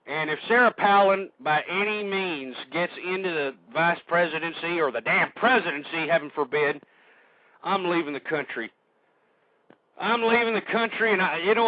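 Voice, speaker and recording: A man hosting a radio show, ranting angrily and shouting insults at his listeners. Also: high-pitched, no echo, narrow, tinny audio. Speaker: radio host. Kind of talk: angry political rant.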